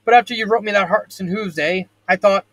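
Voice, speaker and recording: Brief: man voicing a soft-spoken pony schoolteacher; high, slightly husky voice. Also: fairly quick, no room sound, poor audio. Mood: gentle. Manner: soft and mildly puzzled. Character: gentle adult mare schoolteacher.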